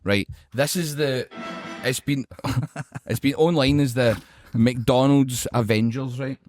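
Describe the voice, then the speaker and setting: A man's voice: mid-range voice, measured pace, a little mellow, no room sound, soft background music. A man with a Scottish accent co-hosting a podcast, chatting casually, laughing often and swearing freely. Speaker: podcast co-host. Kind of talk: casual banter.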